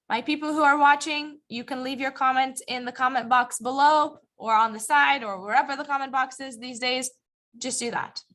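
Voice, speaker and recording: A woman's voice: sits high, pushed and bright. A woman teaching an English grammar lesson to a live class, patiently explaining and often stopping to ask the students whether they follow. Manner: checks understanding often, asking the class questions; patient, encouraging. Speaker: ESL teacher. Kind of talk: live classroom lecture, also streamed online.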